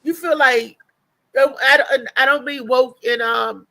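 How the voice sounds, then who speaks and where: A woman with a high, bright voice chats on a casual livestream. She tells stories with animation and restarts often. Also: unhurried, creaky. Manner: animated storytelling with frequent restarts and laughter. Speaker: co-host.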